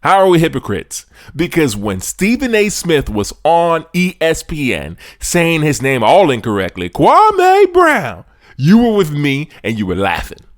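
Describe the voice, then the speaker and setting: A man holds forth on his sports podcast, his slightly high voice swooping up and down with lively emphasis. He preaches at the listeners in casual slang, dropping to quiet asides between louder points. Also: moderate pace, few pauses. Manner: preachy, animated, swings from loud to hushed asides. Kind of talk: sports commentary monologue.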